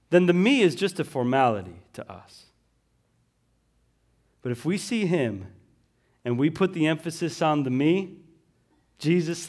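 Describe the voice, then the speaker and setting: High-voiced emphatic male pastor preaching. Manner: emphatic preaching, repeating key words, swinging from loud to hushed; casual fillers like "listen" and "right?". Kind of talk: sermon.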